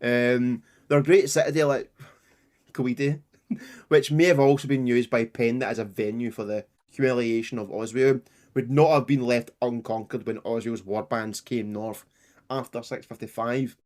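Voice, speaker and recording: A man's voice: medium pitch, fairly even intonation, moderate pace, a little mellow. A man co-hosting a history podcast, chatting casually, rambling and often laughing. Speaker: podcast co-host.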